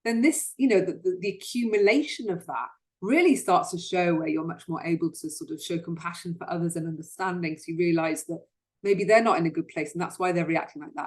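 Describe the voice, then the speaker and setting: A woman's voice: on the low side, a little fast, darkish tone. A woman hosting a solo self-help talk, speaking earnestly and often repeating words as she starts a sentence. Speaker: host.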